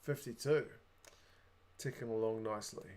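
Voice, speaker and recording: A man's voice: fairly low pitch, moderate pace, a little mellow. A young adult man with a New Zealand accent, hosting a casual livestream, chatting away and reading viewer comments aloud. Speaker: livestream host.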